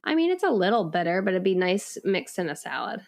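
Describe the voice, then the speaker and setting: A woman in her thirties co-hosting a podcast in casual chat, upbeat and quick to laugh. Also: medium pitch, big pitch swings. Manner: upbeat, giggly. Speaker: podcast co-host.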